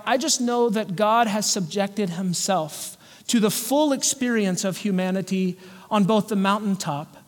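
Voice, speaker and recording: A man with a high voice delivers an earnest sermon from the pulpit, slowing down when he reads scripture aloud. The church sanctuary gives a long, ringing reverb. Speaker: pastor.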